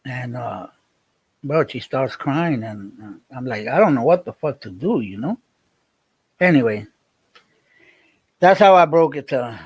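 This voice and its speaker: A man's voice: mid-range voice, lively intonation, slow pace, pauses often, slightly rough, no room sound. A man, livestreaming and chatting with viewers in a rambling way, repeating himself as he tells a story. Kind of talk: casual livestream chat.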